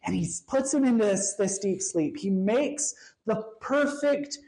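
A woman preaches a sermon in an expressive way. She is mid-pitched for a woman and slows her delivery to linger on words. At moments she sinks into a hushed near-whisper. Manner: expressive, slows down for emphasis and drops to a hush.

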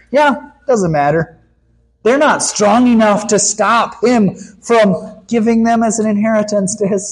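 A man preaching a sermon with emphasis, his voice rising high for the voices he quotes and dropping low when he reads scripture. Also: a little mellow, a little hiss or hum.

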